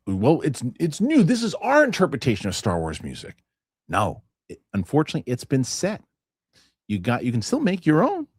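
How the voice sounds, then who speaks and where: Animated man hosting a chat show. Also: mid-range voice, no echo, studio quality. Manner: animated, swearing, quick asides. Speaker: show host. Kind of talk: casual chat reading viewer comments.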